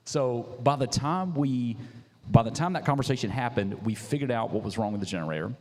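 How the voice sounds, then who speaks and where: A man founder telling a story in casual chat, animated and slangy, with lots of restarts. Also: mid-range voice, fairly quick. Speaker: coffee business founder, guest. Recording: echoey hall with faint noise.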